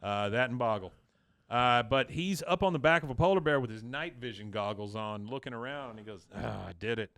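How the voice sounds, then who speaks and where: A man's voice: medium pitch, fairly quick, a bit bright, smooth, dry recording. Casual man retelling a cartoon episode. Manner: retells scenes with many fillers and quoted lines. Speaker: podcast co-host recapping an episode. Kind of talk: casual chat.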